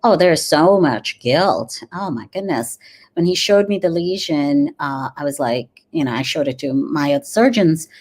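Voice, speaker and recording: Low-voiced woman, earnest and reflective. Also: expressive, a little mellow. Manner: earnest, reflective, many pauses and fillers. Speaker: dentist and grief coach guest. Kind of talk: conversational interview.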